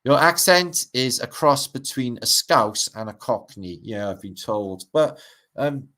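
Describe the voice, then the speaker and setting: A man's voice: mid-range voice, a little slow, sharp tone. A middle-aged man with a Welsh accent, hosting a livestream, rambling and swearing as he reads out and greets his chat. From Wales. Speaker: livestream host. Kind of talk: casual livestream chat reading out comments.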